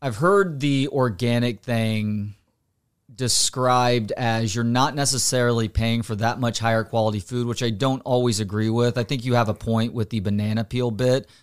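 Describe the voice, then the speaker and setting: Smooth-voiced male radio host. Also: medium pitch, fairly even intonation, moderate pace. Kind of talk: casual radio chat.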